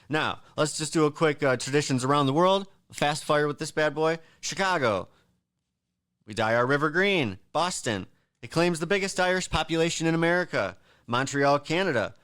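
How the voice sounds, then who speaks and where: A man talks on his own as a show host, working through a list of facts and drifting off into wisecracks. His voice comes through smooth and clean, recorded close and dry with no room sound. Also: medium pitch, a bit bright, no echo. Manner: joking, rambling asides with frequent fillers and laughs. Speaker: podcast host. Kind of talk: casual solo monologue reading holiday facts.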